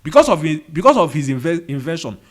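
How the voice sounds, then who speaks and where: Brisk, with big pitch swings and a voice on the high side, the man is a motivational video host with a Nigerian accent. He delivers his monologue indoors with a fan running, firing rhetorical questions and repeating key phrases.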